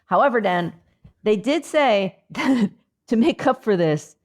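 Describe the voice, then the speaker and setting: This podcast co-host joins the comedy show remotely from vacation, meandering through a tongue-in-cheek mindfulness routine packed with filler words. Her voice runs high and animated, yet her pace stays measured.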